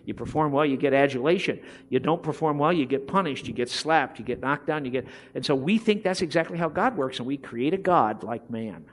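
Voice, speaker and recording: Impassioned preacher with a lively, high-reaching voice. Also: male voice. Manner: impassioned, rising emphatic delivery, acts out quoted voices. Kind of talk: sermon.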